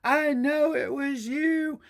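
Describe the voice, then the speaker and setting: A storyteller voicing a drunk, furious woman neighbor who yells accusations. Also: high-pitched, steady tone, slow, vocal fry, voice pushed up, heavily acted. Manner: yelling, accusing.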